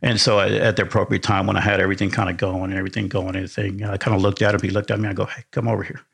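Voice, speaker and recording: A man's voice: sits low, little pitch movement, very fast, vocal fry, a bit bright, husky. A man from Argentina, a podcast guest and sound engineer, telling a story in a rambling, enthusiastic way with many restarts. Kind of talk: casual storytelling.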